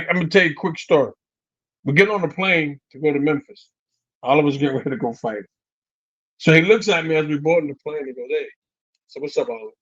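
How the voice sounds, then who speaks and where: A middle-aged man who trains boxers tells stories casually as an interview guest, acting out the quotes and peppering his lines with "man" and "you know what I mean." His voice is a little high and fairly bright.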